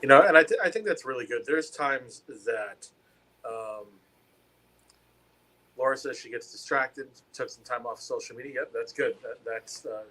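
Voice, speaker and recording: A man's voice: mid-range voice, normal speed, bright, forceful tone, rough recording. A middle-aged man co-hosting a church podcast, talking in a rambling way with many fillers and restarts. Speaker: podcast co-host. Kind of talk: casual church podcast chat.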